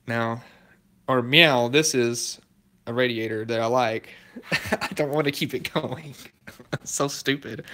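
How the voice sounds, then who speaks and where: Bright-voiced garage YouTuber chatting live. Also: male voice, mid-range voice. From Southern United States. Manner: chatty, laid-back, chuckles between comments. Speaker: car restoration YouTuber. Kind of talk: casual live-stream chat reading viewer comments. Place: garage workshop.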